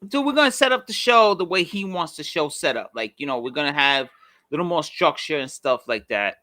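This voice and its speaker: Animated man in casual sports chat. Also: a little high, no room sound, clean studio sound. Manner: animated, quick to laugh. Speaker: podcast co-host.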